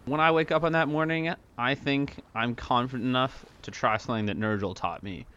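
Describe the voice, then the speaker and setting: A man's voice: medium pitch, a little fast, a bit bright, clean tone, highs cut off. A man playing a tabletop role-playing game, talking hesitantly with many fillers. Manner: hesitant, lots of ums and likes. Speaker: player. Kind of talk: in-character tabletop game play.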